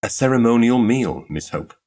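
A man's voice: medium pitch, animated, moderate pace, darkish tone, pitched above the performer's own voice, lightly acted. A man reading aloud and voicing a precise, dry-humoured young man proposing in a pastry shop. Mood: deadpan. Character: grave, whimsical red-haired young man.

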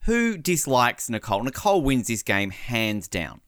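A young man co-hosting a podcast in a casual chat, animated and quick to jump into high voices when quoting people. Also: clean tone, dry recording, studio quality. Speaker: podcast co-host.

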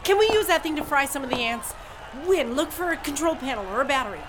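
A brisk, commanding woman, giving orders in a crisis. Her voice is high and animated, with clear noise behind it in this audio drama.

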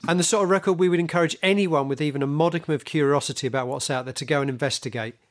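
A man's voice: a little high, racing. A man co-hosting a music podcast, chatting casually and wryly, often ending his points with tag questions. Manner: wry, asks tag questions, emphatic. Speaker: podcast co-host.

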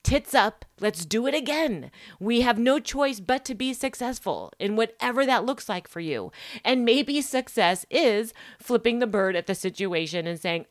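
A woman's voice: medium pitch, expressive, normal speed, fairly bright tone, dry recording, clean studio sound. A woman hosting a solo podcast, talking emphatically and stacking rhetorical questions with frequent "right?" tags. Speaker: podcast host.

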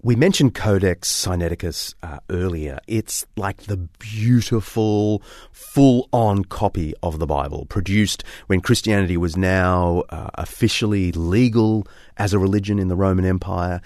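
Casual low-voiced man explaining. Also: a little slow, dry recording, studio quality. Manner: casual, animated storytelling with fillers. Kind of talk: documentary explainer.

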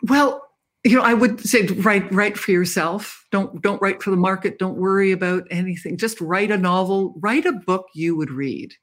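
A woman's voice: mid-range voice, normal speed. An older woman, a guest author speaking candidly and reflectively in an interview. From Canada. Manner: reflective, candid storytelling with laughs. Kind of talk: interview conversation.

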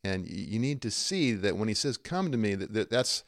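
A man hosting a conversational faith podcast, retelling stories in an animated way and acting out the people he quotes. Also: lowish voice, normal speed, no echo, clean studio sound. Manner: animated storytelling, acts out quoted voices. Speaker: podcast host.

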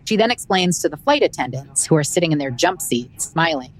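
A woman, a comedian hosting her podcast, narrating a travel story in a wry, expressive way. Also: low-pitched, brisk. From United States.

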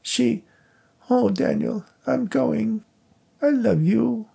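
A man voicing a male psychic who fakes a dead woman's voice in a theatrical falsetto. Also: drawn-out words, creaky, warm tone, breathy edge, full character voice. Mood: eerie.

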